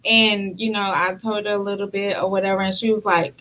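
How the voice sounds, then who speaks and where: A woman's voice: mid-range voice, little pitch movement, fairly quick, sharp tone, rough recording. A woman hosting a talk show, candidly and reflectively sharing her own experience in casual conversation. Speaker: podcast host.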